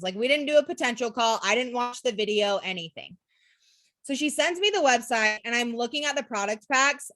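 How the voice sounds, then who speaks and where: A woman's voice: on the high side, fairly bright tone, dry recording. A young woman from Utah telling her network marketing story in a casual, candid way, full of "like" and "literally" and the odd swear word. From Utah, USA.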